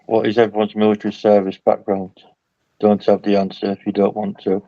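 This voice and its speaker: Blunt middle-aged bloke, lowish voice, dull muffled call audio. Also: male voice, monotone, fairly quick, warm tone, no room sound. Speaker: panel guest, ex-army dock worker. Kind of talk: casual chat on a livestream.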